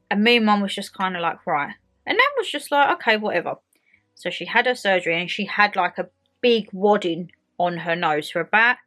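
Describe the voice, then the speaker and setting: A young woman with an Essex English accent and a fairly low voice chats casually to camera as a vlogger, filmed on a handheld phone camera. She tells a story in a lively, animated way, acting out the people in it with quoted voices.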